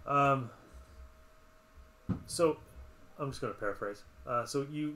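A man's voice: mid-range voice, takes it slowly, pauses often, sharp tone, slight background noise. A man running a tabletop adventure as game master, talking casually with many fillers and restarts.

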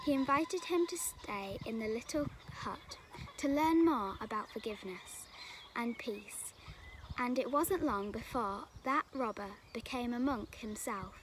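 A woman's voice: a little high, measured pace, slight background noise. Woman reading a children's story aloud. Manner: expressive, drops to whispers.

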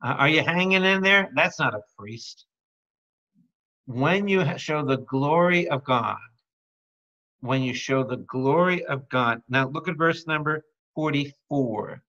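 A man, a priest, teaching a lively Bible study, calling out questions to his listeners and joking between readings. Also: medium pitch, slow pace. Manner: calls out to the audience with repeated questions; playful, jokes and breaks into song. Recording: dull lo-fi recording.

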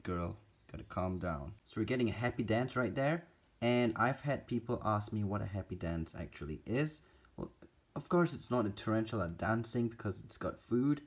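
This man speaks low, with a darkish, husky tone. He's a reptile and spider keeper narrating a casual pet vlog, chatting away and teasing his spiders while he feeds them.

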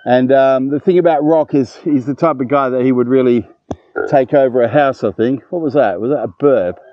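A man's voice: mid-range voice, normal speed, dry recording, highs cut off. A man in his fifties vlogging casually outdoors at a dog kennel, chatty and emotional. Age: 50s. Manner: emotional, chatty, warm-hearted. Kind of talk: casual vlog talk to camera.

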